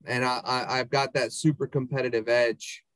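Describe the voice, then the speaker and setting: A man's voice: medium pitch, flat delivery, normal speed, fairly bright tone, dry recording. A man in his forties from the United States, a podcast guest in casual chat, easygoing and enthusiastic. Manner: easygoing and enthusiastic, calls people dude and bro.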